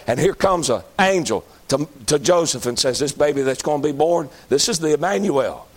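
A man with a high, tenor-ish voice preaches. His delivery is folksy and conversational, rising into emphatic, repeated declarations. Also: expressive, normal speed. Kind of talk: sermon.

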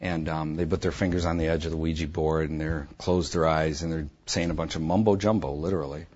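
A man bluntly and intensely telling his personal testimony, with a husky voice. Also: extremely low pitch, fairly even intonation, fairly quick, a little mellow, highs cut off. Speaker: speaker giving a personal testimony.

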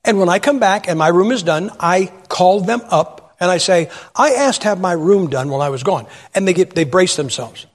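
Husky-voiced folksy preacher in a hall. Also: male voice, high voice, animated, moderate pace, few pauses. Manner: folksy storytelling, acts out voices, rhetorical questions. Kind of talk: humorous sermon with anecdotes. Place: church sanctuary.

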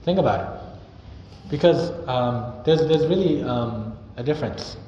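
A man's voice: mid-range voice, expressive, measured pace, mellow. A young man preaching a sermon in an earnest, conversational way, now and then acting out sample greetings. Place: church hall. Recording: echoey, dull hall recording with noise.

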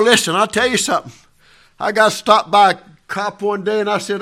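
A man preaching a sermon as pastor, fervent and building to shouts. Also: high voice, expressive, a little fast.

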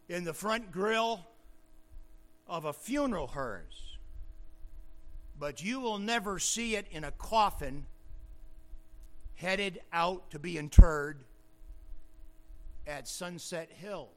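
High, bright-voiced preacher who builds to shouts. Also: male voice, lively intonation, slow, long pauses. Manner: builds from quiet explanation to loud, emphatic shouting; playful wordplay with alliteration. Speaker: pastor. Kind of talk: sermon.

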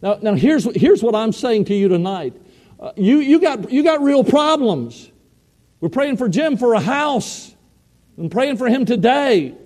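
A man's voice: very high voice, lively intonation, unhurried, a little mellow. A man preaching a sermon, telling a personal story in a folksy, heartfelt way with repeated words. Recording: long hall reverb.

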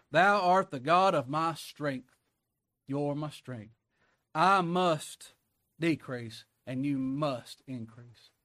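A man's voice: mid-range voice, dry recording. A man preaching a sermon, folksy and emphatic, rising into a preaching cry. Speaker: pastor.

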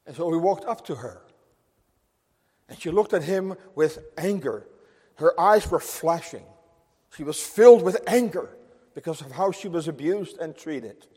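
Earnest preacher, voice ringing in a hall. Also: male voice, on the high side, animated, a little slow, husky. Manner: earnest, emphatic, swings between loud stress and quiet. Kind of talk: sermon. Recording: long hall reverb.

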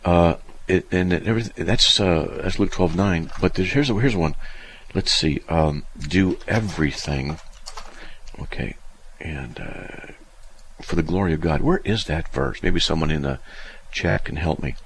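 A man's voice: low voice, measured pace, a little hiss or hum. A man teaching faith through personal stories on a live stream, rambling a little and looking up verses aloud. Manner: rambling storyteller, restarts, looks up verses aloud.

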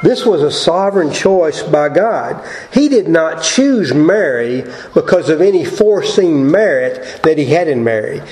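A man preaching a Sunday morning sermon and reading scripture aloud in a slow, deliberate way. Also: fairly high pitch, lively intonation, darkish tone, roomy sound, slight background noise, low-quality recording. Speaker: pastor.

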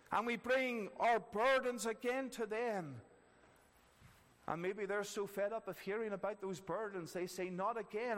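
Man, earnest sermon, high voice, long hall reverb, repeats phrases. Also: fairly bright tone. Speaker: preacher.

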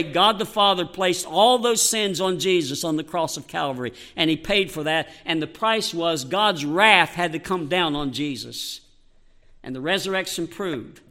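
A man's voice: sits high, sharp tone. A man preaching a sermon, emphatic and repetitive, quoting scripture verse by verse. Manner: emphatic, quotes scripture, repeats phrases.

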